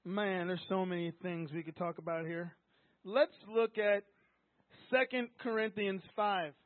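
Preacher, male, very high voice, emphatic and repetitive, tinny dry phone-like recording. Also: fairly even intonation, moderate pace, no room sound. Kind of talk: sermon.

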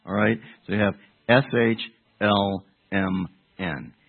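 A man's voice: fairly low pitch, takes it slowly, noisy background. A male preacher from delivering a sermon, rambling with restarts and rhetorical questions to his congregation. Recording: tinny phone-like sound.

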